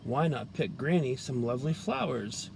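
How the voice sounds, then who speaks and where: A man voicing a big, hungry, sly male wolf in a children's storybook, with a growling, croaky voice. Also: medium pitch, lively intonation, normal speed, background noise. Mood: sly menacing.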